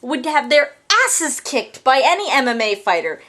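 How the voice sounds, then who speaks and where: A woman's voice: high-pitched, big pitch swings, normal speed, a bit bright. A woman co-hosting a casual reaction chat, wry and talkative, riffing jokes while an episode plays.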